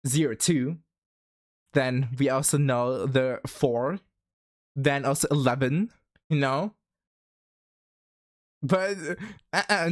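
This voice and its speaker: A livestreamer chatting casually with viewers, rambling with many fillers and laughing often. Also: medium pitch. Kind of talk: casual stream chat.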